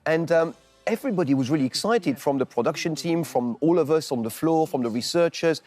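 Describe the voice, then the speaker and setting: Guy on a morning show, quick and kinda high, rambly, dry sound. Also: lively intonation, darkish tone, faint music behind. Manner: expansive, repeats "you know" and restarts. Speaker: maître d' guest on a TV show. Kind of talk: animated interview talk.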